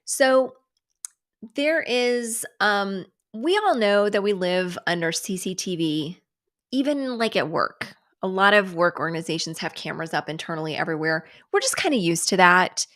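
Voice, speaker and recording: Animated sarcastic woman livestreamer. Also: medium pitch, normal speed. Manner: animated and sarcastic, swears casually. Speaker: livestream host. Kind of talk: casual chat.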